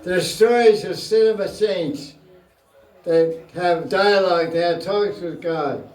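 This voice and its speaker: A man's voice: high-pitched, slow pace, a little mellow. A man gives a scripture class in a slightly raised voice, taking his time with each phrase. He jokes and laughs with his listeners, and his voice comes from some distance away in a roomy hall. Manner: playful, joking, often laughing. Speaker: spiritual teacher. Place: room with an audience. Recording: roomy, mic far off.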